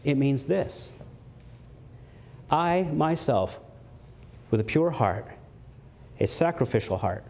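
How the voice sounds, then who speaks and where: Earnest man preaching a sermon. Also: a little mellow. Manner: earnest preaching, slows for emphasis, rises in pitch when stirred; slips in light jokes. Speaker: pastor.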